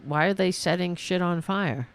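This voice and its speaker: A woman hosting a political commentary podcast, ranting sarcastically and mocking opponents in high put-on voices. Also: normal speed, clear, resonant tone.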